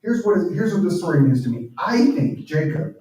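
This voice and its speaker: A man's voice: on the high side, very animated, a little fast, mellow. Earnest man speaking in an echoey hall. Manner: earnest, drops to near-whispers on emotional points. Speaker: guest speaker and author. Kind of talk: reflective church talk. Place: church hall. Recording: very echoey room, speaker far from mic.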